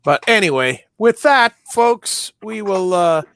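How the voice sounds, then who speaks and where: A middle-aged man co-hosting a podcast, telling stories in a casual, animated way, acting out movie lines and often restarting his sentences. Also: high-pitched, slow pace, clean tone, no room sound, studio quality. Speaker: podcast co-host. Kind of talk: casual nostalgic chat.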